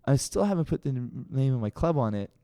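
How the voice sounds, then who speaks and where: A man's voice: medium pitch, fast, no room sound, clean studio sound. A Canadian man co-hosting a podcast, telling stories in a casual chat and acting out voices with lots of laughter. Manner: animated, acts out quoted voices, laughs often. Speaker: podcast co-host.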